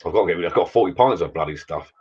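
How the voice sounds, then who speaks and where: A man's voice: sits low, animated, rapid-fire, a little mellow, slightly rough, lo-fi sound. A British man hosting a casual live chat with viewers, rambling chattily while drinking beer. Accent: British English. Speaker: livestream host chatting with viewers.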